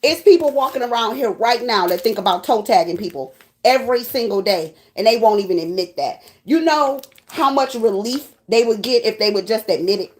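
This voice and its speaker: High-voiced woman preaching bluntly. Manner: blunt, profane, preachy and animated. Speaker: tarot reader. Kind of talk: spiritual pep talk to viewers.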